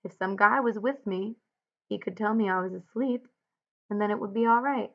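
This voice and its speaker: A woman voicing a lonely, bitter male ranch hand in a read-aloud, drawling slowly with pointed rural speech, on a dull lo-fi recording. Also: mid-range voice, creaky, close to an everyday voice. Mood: brooding.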